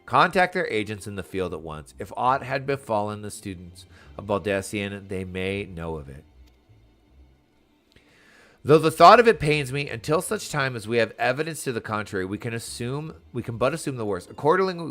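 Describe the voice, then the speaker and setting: A solemn young woman at the head of a sworn order, read aloud by a man in his own voice. She speaks formally and earnestly, with a lively rise and fall. Faint game music sits behind her. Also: fairly low pitch, normal speed. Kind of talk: reading game text aloud.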